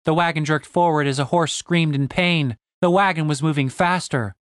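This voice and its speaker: A man's voice: fairly high pitch, normal speed, a bit bright, clear, resonant tone, no echo, clean studio sound. Man narrating a fantasy audiobook.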